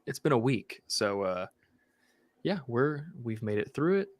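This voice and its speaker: A young man co-hosts a casual film podcast, laid-back and a little under the weather with a cold. He tells stories loosely and swears now and then. His voice is mid-pitched and sounds dry and close. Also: big pitch swings, a little slow, no echo. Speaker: podcast co-host. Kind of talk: casual chat.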